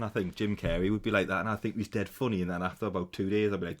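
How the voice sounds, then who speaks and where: A low-voiced man co-hosts a comedy podcast. He rambles through stories, swears casually and giggles often. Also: steady tone, racing. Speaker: podcast co-host. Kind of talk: casual banter.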